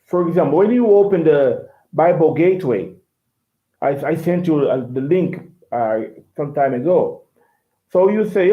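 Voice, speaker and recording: A man with a Brazilian Portuguese accent teaching English in an online lesson, halting and repeating words with many fillers. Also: on the high side, lively intonation. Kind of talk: online lesson explaining casually. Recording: tinny phone-like line, echoey room.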